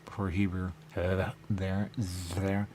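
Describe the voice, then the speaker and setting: A man's voice: low voice, monotone, slow, darkish tone, a little hiss or hum. A man hosting a radio show, talking in a rambling, mumbling way and repeating little phrases to himself. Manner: mumbling, repeats "there you go", chuckles. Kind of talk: rambling casual talk.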